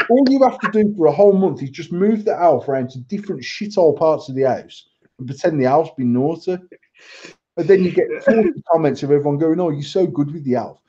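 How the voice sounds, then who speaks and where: A man's voice: fairly high pitch, dark tone, muffled recording, a little hiss or hum. A man in his thirties from England, co-hosting a casual podcast at home and ranting in a mocking, foul-mouthed way. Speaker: podcast co-host. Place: living room at home.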